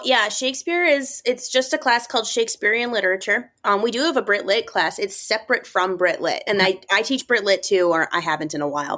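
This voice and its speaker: Woman, thirties or forties, teacher guest, casual chat, lively, acts out voices. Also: mid-range voice. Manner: animated, acts out student voices. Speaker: English teacher, podcast guest.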